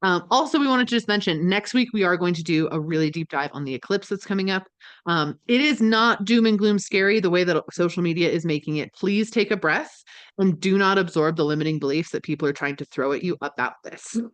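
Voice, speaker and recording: A woman's voice: lowish voice, fairly quick, no room sound. A woman co-hosting a casual podcast, talking eagerly and persuasively with plenty of "like" and "um". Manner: enthusiastic, persuasive, frequent "like" and "um". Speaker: podcast co-host.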